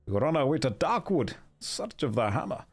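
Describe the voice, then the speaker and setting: A man voicing a delirious, dying old male dwarf in a gruff put-on Sean Connery style accent, as he reads a gamebook aloud. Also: extremely high pitch, unhurried, voice pushed up. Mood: gruff pleading.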